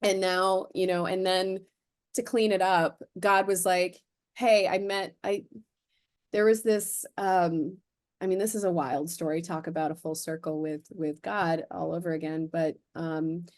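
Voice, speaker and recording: A woman of about forty from Florida, speaking as a podcast guest. She tells her stories with lively energy and acts out the conversations she quotes. Her talk is full of "like" fillers and quick asides. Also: lowish voice. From Florida, USA. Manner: animated, acts out quoted dialogue, frequent "like" fillers. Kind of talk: casual interview storytelling.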